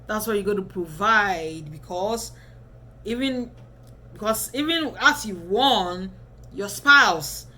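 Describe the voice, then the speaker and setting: A woman's voice: mid-range voice, animated, takes it slowly, pushed and bright. A woman in her twenties giving casual advice to camera as a vlogger, chatty and often checking in with the viewer. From Ghana.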